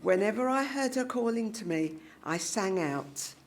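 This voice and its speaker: A woman reading a children's short story aloud at a public reading, in an animated, expressive style with voiced characters. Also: medium pitch, a little slow, a crowd in the background. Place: live literary reading event.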